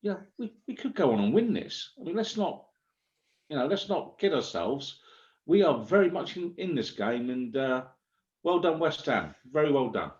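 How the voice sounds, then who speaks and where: A man's voice: fairly high pitch, sing-song, normal speed, a little mellow. A man on a live football panel, optimistic and hesitant, with lots of fillers. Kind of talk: live match chat. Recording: lo-fi home audio.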